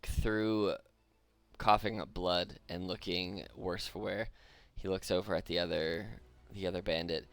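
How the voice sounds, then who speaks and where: A man's voice: low voice, fairly even intonation, unhurried, fairly bright tone, clean tone, no room sound. A young man narrating as dungeon master in a laid-back way, with vivid combat descriptions. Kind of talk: narrating a tabletop game.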